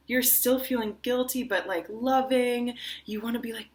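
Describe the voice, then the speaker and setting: A young adult woman teaching an online singing lesson, talking casually and acting out lines with lively drama. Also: on the high side, unhurried.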